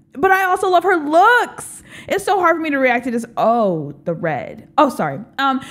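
A woman's voice: sits high, fairly bright tone. A young woman hosting a reaction video, gushing and exclaiming as she watches, with faint music behind her. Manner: gushing, exclaims often, calls the viewer girl. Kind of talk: excited reaction commentary. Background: music video playing.

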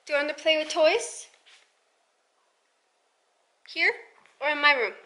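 A woman's voice: high-pitched, measured pace, bright, forceful tone. A young woman in her late teens, a mother filming a casual home vlog and talking to her baby in sing-song baby talk, indoors at home on a handheld camera.

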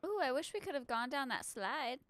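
Bright, excitable young woman gamer. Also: high voice, fairly quick, dry recording. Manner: excitable, gasps and squeals at scares. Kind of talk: casual co-op gameplay chat.

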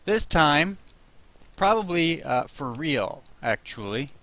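A man's voice: on the high side, sing-song, slow, a bit bright, no echo. A man casually commenting on his own gameplay, chatting to himself and yelping at monsters.

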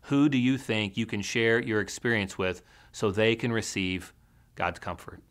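A man preaching a sermon as a teaching pastor in a church, with an earnest, measured storytelling delivery. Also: fairly low pitch, a bit bright.

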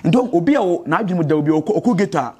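A man's voice: high voice, expressive, racing, dark tone, slightly rough. A Ghanaian man giving a street interview in Twi and English, earnest and preachy about faith and change.

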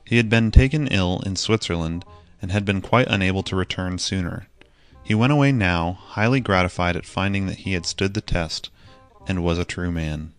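A man narrating a children's audiobook in a steady, measured reading. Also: low voice, clear, resonant tone. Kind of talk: scripted storybook narration.

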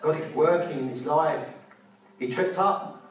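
A man preaching at a conference, fervent and repetitive, shifting between loud exhortation and quiet storytelling. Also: on the high side, measured pace. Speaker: street preacher. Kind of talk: conference sermon. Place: large conference hall. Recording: echoey hall from a distance with faint music.

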